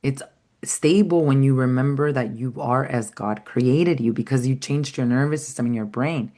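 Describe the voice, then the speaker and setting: A woman's voice: very deep voice, moderate pace, dark tone. A woman giving an earnest, heartfelt spiritual teaching talk, rambling at times with frequent fillers.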